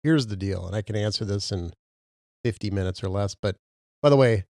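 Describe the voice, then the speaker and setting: A man's voice: lowish voice, brisk, a little mellow, dry recording, clean studio sound. A man from Minnesota co-hosting a casual podcast, rambling and boasting as he tells stories. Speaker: podcast co-host.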